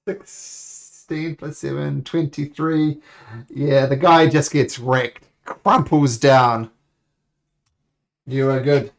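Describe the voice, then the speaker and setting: A man's voice: mid-range voice, steady tone, slow, gravelly. A man narrating as game master, rambling along with self-corrections.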